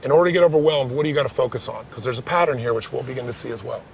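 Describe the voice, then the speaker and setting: A man coaching someone live on stage, talking fast and pushing with direct, probing questions. His voice sits at a middle pitch, with faint noise behind it. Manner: intense, direct, coaxing questions.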